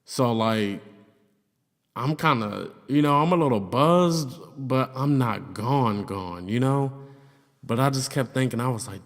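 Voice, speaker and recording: A man's voice: medium pitch, lively intonation, a little slow. Young man telling a slangy story. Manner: loose, slangy and profane, with frequent fillers. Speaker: YouTuber telling a personal story. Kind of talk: casual storytelling. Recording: long reverb, hollow room sound.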